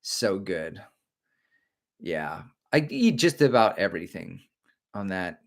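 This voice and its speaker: A man's voice: low-pitched, sing-song, slow, creaky. A middle-aged man hosting a casual live stream, joking and rambling while he reads viewer comments aloud.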